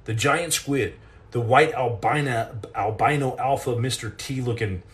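A man, a former Navy SEAL, hosting a live stream and telling comic stories in an animated, self-mocking way. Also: mid-range voice, a little slow.

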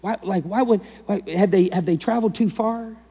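High-voiced male pastor preaching. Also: moderate pace, breathy edge, in a large hall. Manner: animated, acts out voices of the people in the story, swings between loud and hushed. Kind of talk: sermon.

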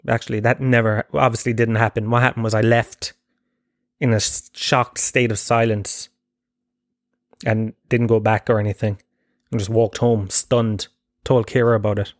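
A man's voice: lowish voice, level tone, normal speed, no room sound, clean studio sound. A man hosting his own podcast, rambling through stories in a casual, self-mocking way and swearing freely. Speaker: podcast host. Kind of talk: comedic casual monologue.

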